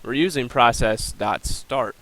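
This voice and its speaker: A man's voice: medium pitch, a little slow, fairly bright tone, poor audio. A young man giving a recorded class presentation, plainly explaining and walking through a screen demo with the odd um and uh. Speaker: student presenter.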